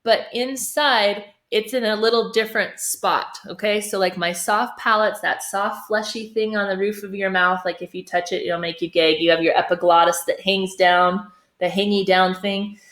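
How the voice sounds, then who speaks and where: A woman's voice: medium pitch, steady tone, moderate pace, fairly bright tone. Woman choir teacher in an echoey room. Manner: demonstrates sung phrases, checks in with "okay?". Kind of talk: singing lesson.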